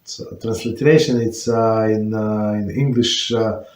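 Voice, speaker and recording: A man's voice: fairly low pitch, steady tone, unhurried, darkish tone. A man, a rabbi, explaining points of religious law to an online class and searching for words as he goes. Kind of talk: answering questions on religious law. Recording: roomy echo.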